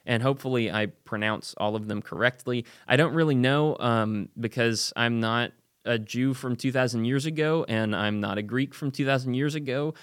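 A man's voice: medium pitch, no echo, studio quality. A man giving a casual Bible study talk, earnest and thinking aloud, often checking in with the listener. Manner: earnest, thinking aloud with frequent "right?" asides. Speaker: Bible teacher.

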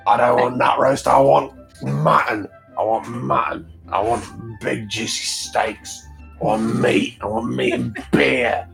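A man voicing an obnoxiously drunk old dwarf nobleman who loudly demands meat and beer. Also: medium pitch, steady tone, slow pace, creaky, faint music behind, exaggerated voice. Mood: drunk demanding. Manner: loud demanding ranting.

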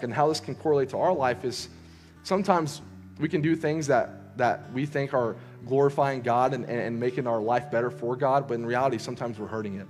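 A young man preaches in a loose, conversational way, telling a story full of fillers and quick restarts. His voice sits at an ordinary middle pitch. Soft music plays faintly under him. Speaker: youth preacher. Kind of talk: casual sermon storytelling.

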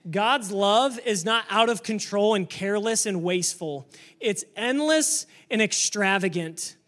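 High-voiced man preaching with fervor. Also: unhurried. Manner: energetic, emphatic preaching that rises to yelling. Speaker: pastor. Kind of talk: sermon. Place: church before a congregation.

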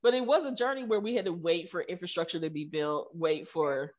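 A woman's voice: lowish voice, brisk, highs cut off. Middle-aged woman, tech founder guest, casual storyteller who acts out quotes. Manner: animated storyteller, many fillers, acts out quotes. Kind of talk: casual conversational interview.

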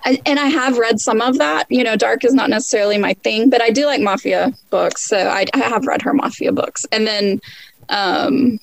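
Giggly chatty woman with a gravelly edge. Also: fairly high pitch, normal speed, no room sound, low-quality recording. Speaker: author guest. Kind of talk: casual podcast chat.

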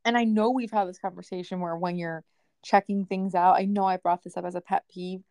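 A woman's voice: fairly low pitch, steady tone, brisk, darkish tone, smooth, dry recording. A woman, co-hosting a podcast in casual chat, ranting through stories and quoting people with frequent laughs. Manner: chatty, ranting storyteller, quotes people, laughs often. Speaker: podcast co-host.

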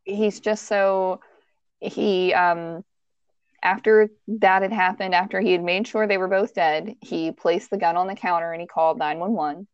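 A woman with a fairly low voice recounts a true-crime case on a podcast, talking casually and circling back with restarts and fillers. The recording is dry and close, with a slightly dull, muffled tone. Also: steady tone, measured pace, smooth, dry recording. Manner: conversational, hesitant restarts and fillers. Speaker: podcast host.

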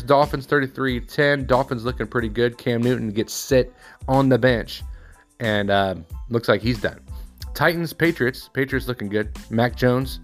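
Casual thirty-something man reading off scores. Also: medium pitch. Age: 30s. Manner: offhand, rambling score rundown with personal asides. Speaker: sports recap host. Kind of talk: casual sports recap.

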